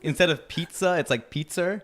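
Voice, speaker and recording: A man's voice: medium pitch, lively intonation, moderate pace. A man in casual podcast chat, chatty and giggly, who hedges with ums. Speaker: podcast guest talking about trains.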